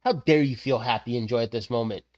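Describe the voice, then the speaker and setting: A man's voice: mid-range voice, fast, a little mellow, no room sound, lo-fi sound, close to an everyday voice. A man voicing a rude, cursing video game. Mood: mock-angry. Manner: scolding, profane, mock-angry. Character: rude, hostile video game talking back to the player.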